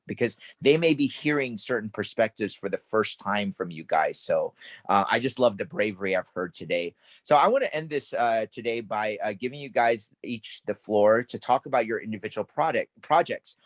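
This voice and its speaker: A man's voice: on the low side, no echo. A man hosting an interview, enthusiastic and affirming, heaping praise on his guests. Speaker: interview host.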